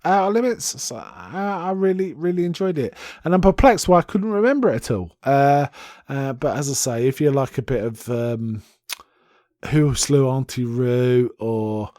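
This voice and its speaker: A man's voice: medium pitch, a little mellow, dry recording, clean studio sound. A man hosting a podcast, casually retelling and reviewing a TV episode in an enthusiastic, rambling way with many restarts.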